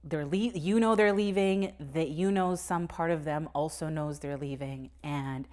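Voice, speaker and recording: A young woman with a low, grounded voice talks on a casual podcast. She tells a personal story candidly, swears freely and laughs nervously now and then. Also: measured pace, darkish tone. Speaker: podcast co-host. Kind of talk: casual conversation.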